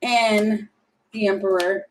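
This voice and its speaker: A woman's voice: medium pitch, fairly even intonation, takes it slowly, poor audio. A woman doing a casual tarot reading, chatty and thinking aloud, often laughing and breaking off. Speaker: tarot reader.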